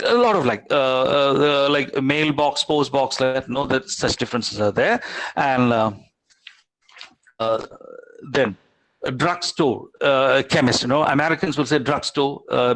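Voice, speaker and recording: A man giving an online lecture, halting, with many fillers and restarts. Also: mid-range voice, poor audio.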